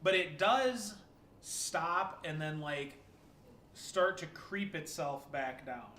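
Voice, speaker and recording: A man narrating a tabletop game as game master, relaxed and hesitant with many fillers. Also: a little high, slow. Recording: echoey room with background noise.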